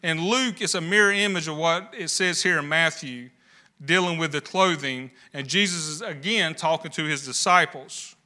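A man's voice: on the high side, normal speed, pushed and bright. A man preaching a sermon, building emphasis with rhetorical questions. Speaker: pastor.

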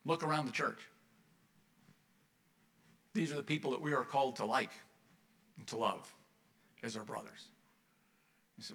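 A man's voice: medium pitch, normal speed, vocal fry, long pauses, a bit bright. A man pastor preaching a conversational sermon in a church, asking the congregation questions and dropping wry asides.

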